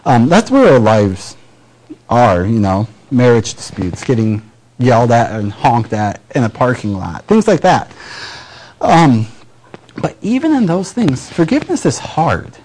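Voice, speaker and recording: Lively Midwestern man preaching. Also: mid-range voice, a little slow, rough recording. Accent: Midwestern American. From Michigan, US Midwest. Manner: conversational, lively, acts out little dialogues. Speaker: pastor. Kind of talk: sermon.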